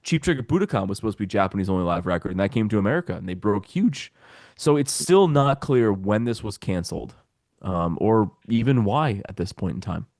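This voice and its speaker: Low-voiced man explaining in detail. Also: lively intonation, fairly quick, a little mellow, no room sound. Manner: detailed, explanatory, dry jokes. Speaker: documentary maker guest. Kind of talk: casual interview talk.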